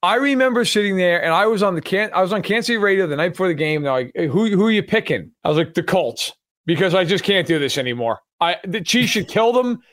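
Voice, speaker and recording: A man's voice: high voice, lively intonation, fast, fairly bright tone, no echo, studio quality. A man hosting a casual sports chat, telling stories with emphasis and some swearing. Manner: storytelling, emphatic, swears freely. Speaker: sports talk host.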